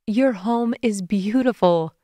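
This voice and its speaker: A woman narrator voicing a young wife who chides her husband in an animated way. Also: medium pitch, slow, no echo, close to an everyday voice. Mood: warm. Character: young married woman, teasing and scolding.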